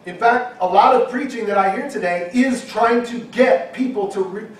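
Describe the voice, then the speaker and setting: A middle-aged man preaching a sermon, emphatic, at times shouting and acting out quoted objections. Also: high voice, moderate pace, slight background noise. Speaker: pastor. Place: church hall. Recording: very echoey hall from far off.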